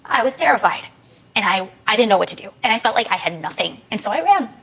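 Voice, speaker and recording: A woman's voice: medium pitch, big pitch swings, quick pace, fairly bright tone, breathy edge, low-quality recording. A young adult woman telling her story as a talk show guest, pleading and emotional, recorded in a TV studio.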